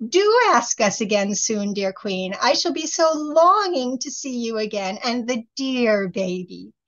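A woman's voice: a little high, animated, a little slow, a bit bright. A woman voicing a fashionable, spiteful fairy who speaks in an indignant or falsely sweet way, on a slightly muffled recording. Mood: gushing. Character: fashionable snake-bonneted fairy, spiteful and gushing.

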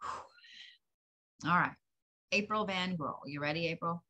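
A woman's fairly low voice sounds pushed and bright as she speaks at normal speed. She's a psychic reader doing a channeled reading in direct address, giving emphatic advice laced with profanity and bluntness.

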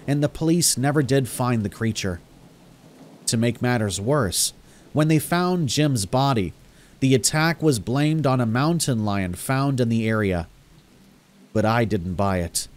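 A man reading a first-person horror story in a measured, grave storytelling manner. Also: mid-range voice, expressive, darkish tone.

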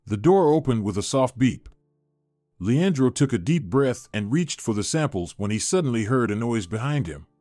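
A man reading a scripted dramatic story aloud as narrator, in an expressive storyteller voice. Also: medium pitch, moderate pace, dry recording, soft background music.

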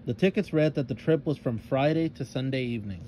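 A man's voice: medium pitch, brisk, warm tone, slight background noise. Man reading a children's story aloud.

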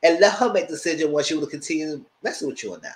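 A man giving a casual, animated recap of a reality show, acting out quotes in a squealing high voice and breaking into loud laughs. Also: very fast, low-quality recording. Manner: loud laughs and shouted asides. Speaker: TV show reviewer.

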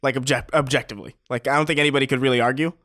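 A man's voice: medium pitch, fairly even intonation, racing, bright, forceful tone. A man in his thirties co-hosting a podcast, casual and swearing freely, often restarting his sentences. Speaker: podcast co-host.

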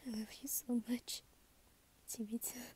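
Woman doing a soft worried girlfriend, whispered role-play, super breathy hushed voice, mellow and low-key. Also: level tone, a little slow. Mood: tender, worried. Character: anxious, tender young woman comforting her partner. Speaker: ASMR role-play creator.

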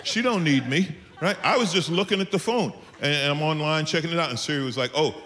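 A man's voice: a little high, fast, a bit bright, in a large hall. A man doing a stand-up comedy set, emphatic and storytelling.

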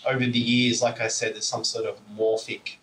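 A man's voice: mid-range voice, flat delivery, moderate pace, fairly bright tone, slight background noise. A man giving an informal public talk, rambling with many fillers and chuckles, heard through a camera's built-in mic. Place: indoor talk venue. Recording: roomy, distant camera mic.

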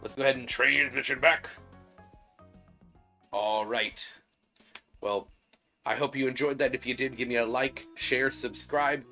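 A man giving casual, chatty let's play commentary as a gaming YouTuber, relaxed and trailing off quietly. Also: mid-range voice, measured pace, long pauses, faint music behind.

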